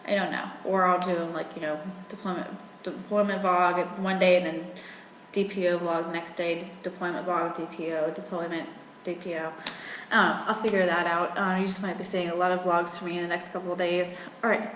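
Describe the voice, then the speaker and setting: A woman's voice: fairly low pitch, little pitch movement, fairly quick, a bit bright, roomy sound, long reverb tail, slight background noise, poor audio. A young woman from rural in her twenties, chatting casually in a rambling vlog at home with lots of fillers. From rural Virginia. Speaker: vlogger.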